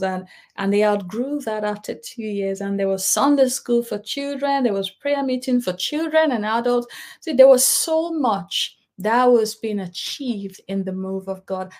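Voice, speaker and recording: A woman leading an online prayer meeting and preaching, earnest, rising on key phrases and softening at the ends. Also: mid-range voice. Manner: earnest, rising on key words then dropping soft. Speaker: prayer leader. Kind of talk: prayer and sermon.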